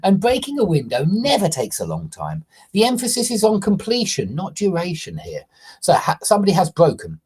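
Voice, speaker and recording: Husky-voiced woman teaching English grammar. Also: sits low, big pitch swings, moderate pace, warm tone. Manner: reads example sentences aloud then explains them. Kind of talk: live online grammar lesson.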